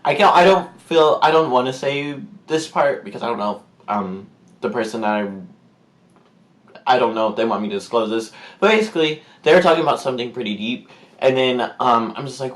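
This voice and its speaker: Young man, vlogger, casual storytime, hesitant rambling delivery, mid-pitched voice. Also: animated, moderate pace. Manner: rambling, hesitant, many fillers.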